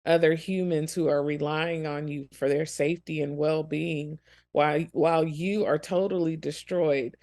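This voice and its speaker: Woman with a gravelly, earnest voice. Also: low voice, fairly even intonation, normal speed, a little mellow. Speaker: podcast co-host. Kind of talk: reflective ministry podcast talk.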